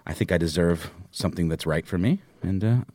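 A man's voice: low-pitched, fast, darkish tone, no room sound. A man co-hosting a podcast, rambling with lots of hesitant fillers in casual chat. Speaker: podcast co-host.

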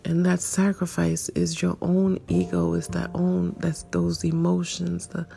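Slow gravelly woman in her fifties. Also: on the low side, monotone, soft background music. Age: 50s. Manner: searching, self-questioning, with soft laughs. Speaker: podcast host. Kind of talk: reflective solo monologue.

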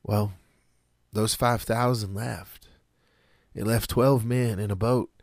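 A man preaching a sermon in an earnest, measured way, with dramatic pauses. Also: on the low side, steady tone, gravelly, no room sound, studio quality.

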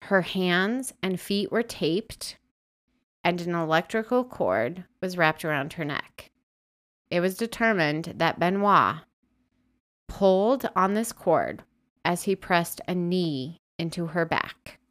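A woman's voice: lowish voice, expressive, takes it slowly, fairly bright tone. A woman co-hosting a podcast, narrating from her notes with dry asides to her co-host. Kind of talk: true crime podcast narration and chat.

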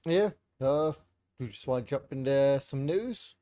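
A man's voice: medium pitch, expressive, measured pace, mellow. A man co-hosting a casual podcast over an online call, loosely recapping news with plenty of filler words. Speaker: podcast co-host. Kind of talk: casual chat.

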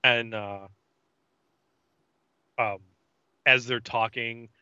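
Bright man narrating haltingly on a dull, dry mic. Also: mid-range voice, fairly even intonation, smooth, no room sound. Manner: halting narration full of ums and uhs. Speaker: podcast co-host. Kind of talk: casual recap chat.

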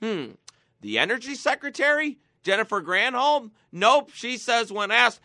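A man's voice: very high-pitched, big pitch swings, a little slow, bright, forceful tone, no room sound, clean studio sound. A man hosting a political talk show, ranting sarcastically and mocking his targets. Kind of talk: political commentary.

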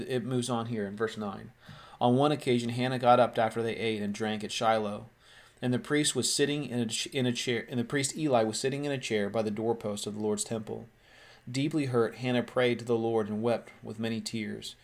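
Man reading and preaching scripture. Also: medium pitch. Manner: reads scripture then explains it in plain talk, with restarts.

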